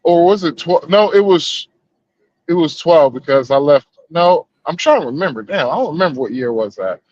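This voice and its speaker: A man's voice: a little high, expressive, moderate pace, darkish tone, dry recording, highs cut off. A man with a Southern US accent trading crude, laid-back stories as a podcast co-host. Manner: laid-back storytelling with slang and profanity. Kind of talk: casual crude banter.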